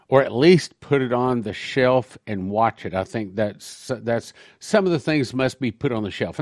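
A man's voice: medium pitch, no room sound, studio quality. A man, a pastor, giving a conversational sermon-style talk on prophecy, reading quotations aloud between his own remarks.

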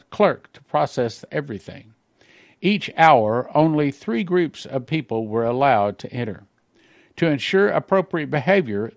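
A man pastor reading out a dream account and commenting on it in a sermon, slowing on key phrases and breaking into quick asides. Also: mid-range voice, no echo, studio quality. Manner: reads slowly, then comments in a quick aside.

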